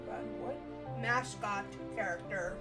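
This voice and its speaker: A woman's voice: mid-range voice, slow pace, music in the background. A woman streamer in casual chat, giggly and teasing.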